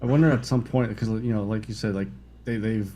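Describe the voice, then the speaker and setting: A man's voice: on the low side, steady tone, fairly quick, mellow. A man co-commentating in casual chat, chiming in with short agreements. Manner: brief agreeing interjections.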